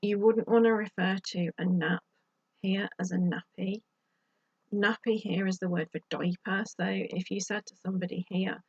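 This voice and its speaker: Low, flat, gravelly woman. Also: a little slow, dry recording, muffled recording. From United Kingdom. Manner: chatty, exasperated asides. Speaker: YouTube vlogger. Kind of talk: casual advice to camera.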